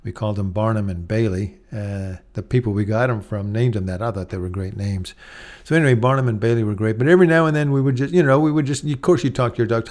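A middle-aged man preaching a sermon as a pastor. He talks plainly, slows right down to stress key words, and now and then acts out scenes in a raised voice. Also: mid-range voice, darkish tone. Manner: slow, deliberate emphasis on key words; acts out dog-talk and scolding in a raised voice.

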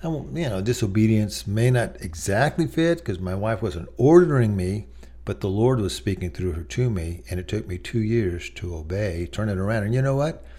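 A man's voice: fairly low pitch, expressive, normal speed, dark tone. A middle-aged man preaching a sermon in a conversational way, telling personal stories with many asides. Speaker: pastor.

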